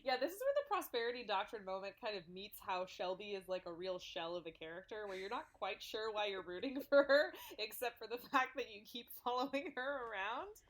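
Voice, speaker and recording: A woman's voice: mid-range voice, animated, a little fast, hardly any pauses. A woman co-hosting a podcast, chatting casually about a film, laughing and speaking to listeners. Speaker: podcast co-host. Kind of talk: casual film-review chat.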